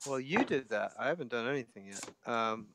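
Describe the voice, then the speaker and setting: A man playing a tabletop game who speaks casually and hesitantly, often pausing on fillers. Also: mid-range voice, expressive, very noisy. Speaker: player.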